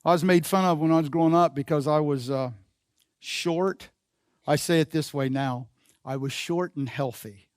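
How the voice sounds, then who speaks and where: A man's voice: on the high side, moderate pace, a little mellow, dry recording, clean studio sound. A man preaching a sermon as pastor, telling a personal story and calling the congregation to repeat his phrases. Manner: call-and-response preaching, repeats phrases, builds in force. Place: church sanctuary.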